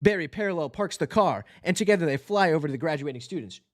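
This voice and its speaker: A man's voice: fairly high pitch, lively intonation, fast talker. A man casually reading a film script aloud on a stream, playful and jokey. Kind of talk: casual script read-along.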